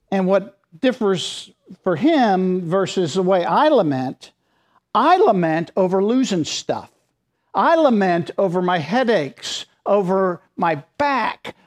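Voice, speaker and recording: A pastor preaching a sermon in a conversational but emphatic way, with informal asides. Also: mid-range voice.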